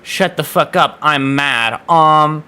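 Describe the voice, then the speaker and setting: Bright-voiced, exasperated young streamer guy. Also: fairly high pitch, slow, clear, resonant tone. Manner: exasperated, swearing, stammering restarts. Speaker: VTuber streamer. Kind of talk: casual gaming stream chat.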